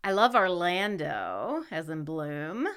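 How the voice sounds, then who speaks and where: Woman, middle-aged, podcast co-host; playful, teasing, bright and lively delivery. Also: lowish voice, slow pace, smooth. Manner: playful, teasing, laughs often. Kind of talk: casual chat.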